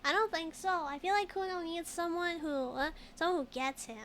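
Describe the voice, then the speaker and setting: A high-voiced woman chats casually while streaming a video game. She giggles a lot, reads the game text aloud and answers her chat. A faint hiss sits under her voice. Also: moderate pace, a bit bright.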